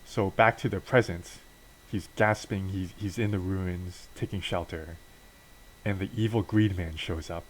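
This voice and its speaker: A man's voice: deep voice, steady tone, a little slow, slight background noise, low-quality recording. A man casually retelling a wrestling game's storyline, offhand and full of fillers. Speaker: game narrator.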